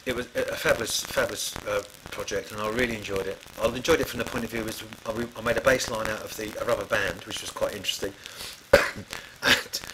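A man's voice: fairly low pitch, fairly even intonation, quick pace, background noise. A middle-aged man telling studio stories in a rambling, casual way, full of fillers and restarts. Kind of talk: casual spoken anecdote.

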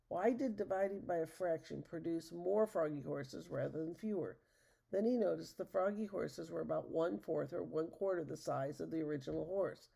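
A woman narrating a children's storybook aloud, steady and expressive. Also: on the low side, gravelly, husky.

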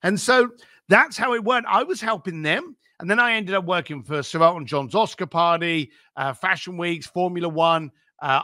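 A man being interviewed as an entrepreneur, giving blunt, energetic business advice and swearing casually. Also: high-pitched, dry recording, studio quality. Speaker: entrepreneur guest.

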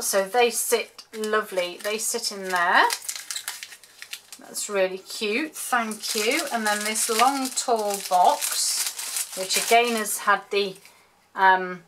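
A woman chatting excitedly as she unwraps and shows off handmade craft gifts in a casual home vlog. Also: medium pitch. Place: home room, road sweeper outside. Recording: faint street noise and paper crinkling.

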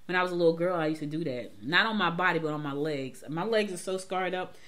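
A woman's voice: lowish voice, animated, fast talker, fairly bright tone. A middle-aged woman from Georgia, hosting a morning show in a chatty, emphatic way and repeating herself as she talks straight to listeners. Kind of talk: casual talk-show commentary.

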